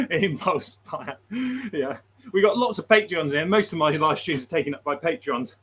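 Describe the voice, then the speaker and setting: Man, livestream host, high-pitched voice, chatty, laughs a lot. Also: animated, moderate pace, a bit bright, breathy edge. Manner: chatty, laughs often, reads out chat messages. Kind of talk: casual livestream chat.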